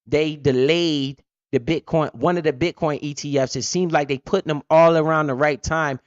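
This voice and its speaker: A man in a blunt, swearing, joking rant about markets, his voice sitting a bit high for a man. The sound is dull and lo-fi, with a close, dry feel and no room around it. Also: fairly even intonation, normal speed, no room sound. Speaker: crypto channel host. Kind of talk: unscripted market commentary.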